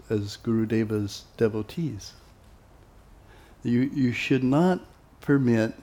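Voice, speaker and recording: This man, a monastic teacher, speaks to devotees at medium pitch, keeping his spiritual teaching casual and conversational. He lets many pauses fall and performs the back-and-forth of the dialogues he recounts.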